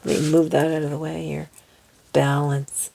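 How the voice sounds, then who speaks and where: A woman's voice: deep voice, little pitch movement, creaky, dark tone. A woman giving a casual oracle card reading, chatty and giddy, laughing often and reading card texts aloud. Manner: slow, careful over unfamiliar words.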